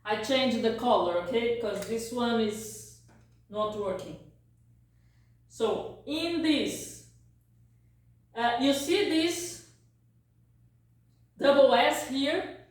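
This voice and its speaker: Brazilian woman teacher, slow, keeps saying ok?, kinda high voice, roomy echo. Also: far from the mic. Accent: Brazilian Portuguese. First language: Portuguese. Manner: patient, repeats words, frequent "ok?" checks. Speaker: language teacher. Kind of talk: slow song-lyric vocabulary lesson.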